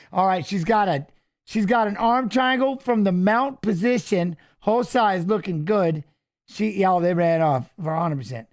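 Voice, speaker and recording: Man, fairly high voice, casual fight watch-along, rambling, cursing, lots of restarts. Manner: rambling, profane, restarts and fillers. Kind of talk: casual live fight commentary and storytelling.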